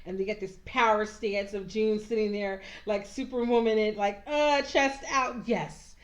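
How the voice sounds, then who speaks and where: A woman recapping a TV episode in casual chat, animated and sassy, acting out the characters as she goes. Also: mid-range voice, moderate pace. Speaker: TV recap reviewer. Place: at home, handheld camera.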